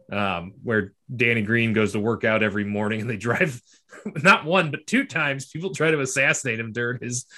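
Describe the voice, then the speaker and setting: A man co-hosting a casual movie podcast, recapping the plot in quick bursts and laughing often. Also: medium pitch, bright, forceful tone. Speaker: podcast co-host.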